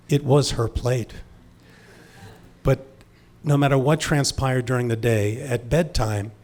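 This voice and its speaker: A man in his sixties from Long Island telling a personal story in a wry, intimate manner, moving from hushed lines to emphatic ones. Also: mid-range voice. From Long Island, New York.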